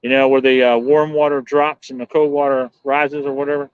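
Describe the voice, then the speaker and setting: A man hosting a night fishing livestream, chatting in a relaxed, rambling way, musing aloud and answering viewers. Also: medium pitch, fairly quick, clean tone, no echo. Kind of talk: casual live-stream chat. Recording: dull, dry lo-fi sound.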